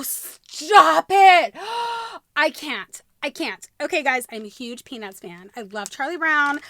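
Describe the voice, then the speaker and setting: A woman hosting a crafting unboxing vlog, gushing, gasping and squealing with excitement over each item. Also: fairly high pitch, dry recording. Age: adult with a young son. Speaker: crafting channel host.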